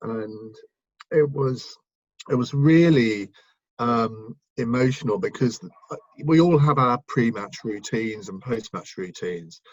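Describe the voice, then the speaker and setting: A man talks as a guest in a casual interview, his voice a little husky. He rambles, restarting sentences and filling gaps with ums. The recording is dry and somewhat dull and lo-fi. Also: medium pitch, takes it slowly, no room sound. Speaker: guest, broadcaster and author.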